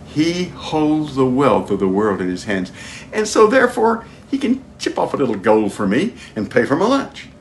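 A man preaching a sermon, asking his listeners direct questions and swinging between loud emphatic highs and hushed low prayer. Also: very animated, normal speed, slight background noise.

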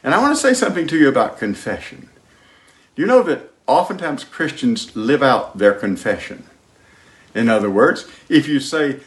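A man preaching a sermon as pastor, emphatic, moving between loud declarations and hushed lines. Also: mid-range voice, big pitch swings, moderate pace. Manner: sings hymn lines.

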